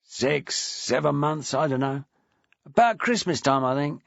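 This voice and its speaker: A man voicing a brash, crude, sharp-tongued ex-wife in a storybook reading. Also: a little high, expressive, measured pace, vocal fry, no echo, dull audio, exaggerated voice. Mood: coarse, defiant. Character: coarse, brash chain-smoking ex-wife, a woman.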